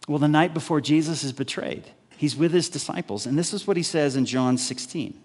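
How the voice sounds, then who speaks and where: A man delivers a sermon on a live church stream, his fairly high voice carried by the long reverb of a big hall. He keeps his listeners involved with rhetorical questions and short acted-out lines. His delivery swings between punchy emphasis and quiet, drawn-out phrases. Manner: animated, rhetorical questions, acts out voices of crowds. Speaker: pastor.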